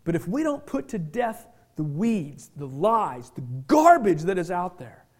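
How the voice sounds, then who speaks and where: High-voiced animated preacher man. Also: measured pace. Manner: animated, swings from quiet to shouting. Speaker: pastor. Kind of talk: sermon.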